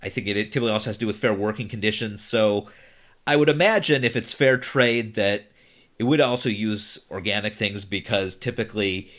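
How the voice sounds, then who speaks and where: Male host, fairly low voice, affirming, long-winded questions. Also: fairly quick, fairly bright tone. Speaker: podcast host. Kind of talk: podcast interview.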